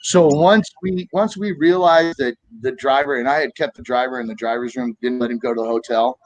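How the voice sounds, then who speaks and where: A man in his fifties from the United States, telling animated stories in a casual political chat and acting out quoted voices. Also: medium pitch, fairly quick, no echo, highs cut off. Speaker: co-host of a political talk stream.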